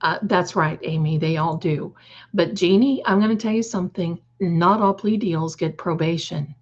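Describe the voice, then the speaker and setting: A woman's voice: lowish voice, moderate pace, highs cut off. A woman hosting a casual livestream, reading the chat aloud, calling her viewers darling and adding snarky, opinionated asides. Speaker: livestream host.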